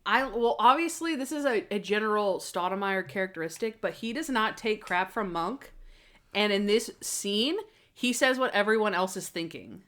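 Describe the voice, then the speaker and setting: Brief: chatty woman co-host, lively recap talk, pops into squeaky character voices, mid pitch. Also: moderate pace. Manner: animated, acts out scenes in high squeaky voices. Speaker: podcast co-host. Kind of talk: casual chat.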